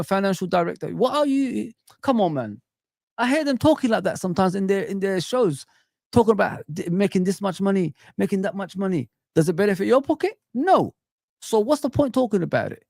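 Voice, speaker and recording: This is a casual live-stream rant from a middle-aged football host who speaks right to his viewers and chat, full of passion and rhetorical questions. His voice sits high, with creak and a darkish tone. It's clean studio audio without echo.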